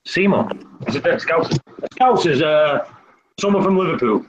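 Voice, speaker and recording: A man's voice: on the high side, lively intonation, dull audio, a little hiss or hum. A man with a Mancunian accent hosting a casual live-stream chat, joking and teasing the others. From Manchester, England. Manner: teasing, jokey, quick to laugh. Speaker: stream host.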